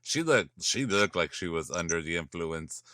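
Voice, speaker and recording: A man hosting a pop culture podcast, talking in a relaxed, drawn-out way. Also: deep voice, crowd noise. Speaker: podcast host. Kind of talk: casual pop culture chat.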